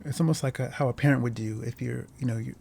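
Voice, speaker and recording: A man in the host's chair, talking through a film he loves in a loose, unscripted way. He stops and restarts his sentences often and leans on fillers, and he sounds sincerely moved by what he describes. His pitch sits in an ordinary middle range. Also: steady tone, vocal fry, darkish tone, husky. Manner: rambling, halting, many restarts and fillers; earnest, emotionally moved. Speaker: film discussion host. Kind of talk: casual film commentary.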